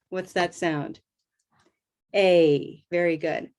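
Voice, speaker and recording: A woman teaching English pronunciation in a live online lesson, modeling vowel sounds slowly and deliberately with upbeat praise. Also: on the low side, a little mellow.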